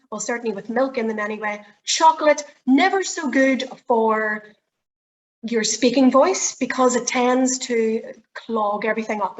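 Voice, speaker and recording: A woman's voice: fairly high pitch, poor audio. A woman presentation skills trainer leading a workshop, chatty and encouraging with polite requests. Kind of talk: workshop teaching.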